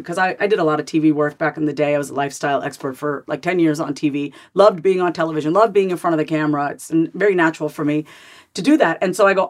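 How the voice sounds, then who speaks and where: A woman in her forties, a podcast guest, telling her own story candidly and lively, jumping up and down in pitch as she replays her old thoughts. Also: quick pace. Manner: animated, swings pitch widely to act out her own past thoughts.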